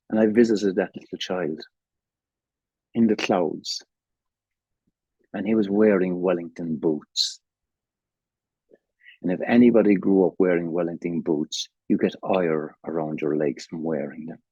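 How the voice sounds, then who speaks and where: An older Irish man with a very deep, gravelly voice tells his own story at a recovery meeting, candid and emotional, with plenty of swearing. His tone is dark and husky. The video call audio sounds dull and lo-fi. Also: no room sound. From Ireland. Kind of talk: personal testimony.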